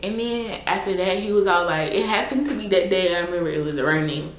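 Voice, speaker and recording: A woman's voice: lowish voice, a little fast. A young woman, chatting casually and exasperatedly through a storytime vlog with lots of fillers. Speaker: YouTuber. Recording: echoey room.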